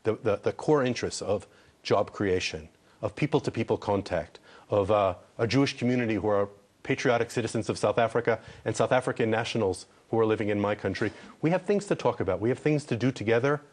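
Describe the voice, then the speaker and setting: A man's voice: lowish voice, fast talker. Earnest ambassador pressing his point. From Israel. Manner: earnest, repeats words when pressing a point. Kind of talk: TV news interview.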